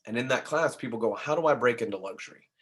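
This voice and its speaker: Animated man teaching a sales class. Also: medium pitch, fast. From Nashville. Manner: conversational, animated, keeps asking "right?". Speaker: real estate trainer. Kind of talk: training talk to agents.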